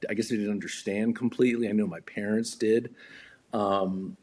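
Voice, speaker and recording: A man's voice: fairly low pitch, steady tone, moderate pace, darkish tone. A man, a podcast guest, telling a story in a casual way, acting out other people's voices and often repeating his words.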